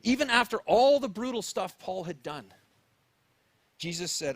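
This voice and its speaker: A pastor with a Canadian English accent preaches a sermon, telling a personal story and acting out both his own thoughts and the people he quotes. His voice is high-pitched with lively intonation, and his pace is measured.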